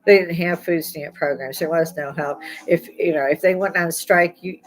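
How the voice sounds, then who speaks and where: Older woman, low-pitched rambling chat. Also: steady tone, normal speed, faint music behind, poor audio. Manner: chatty, laughs often, blunt and profane. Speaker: podcast host. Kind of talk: rambling casual monologue.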